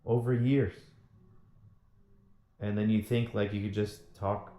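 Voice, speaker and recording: A man's voice: fairly low pitch, little pitch movement, slow, mellow. A man in a bitter, profane personal rant about a former partner, often repeating himself. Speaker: vlogger. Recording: echoey room.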